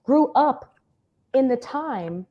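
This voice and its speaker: A woman from Miami co-hosting a casual talk show, chatty and animated as she tells a story. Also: high-pitched, slow pace, highs cut off.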